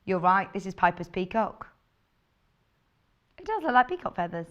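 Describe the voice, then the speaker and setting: A woman with a low, husky voice, chatting in a bubbly way as she presents a live TV shopping show. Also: very animated, moderate pace, fairly bright tone, dull audio. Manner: bubbly, chatty, laughs often. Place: TV studio.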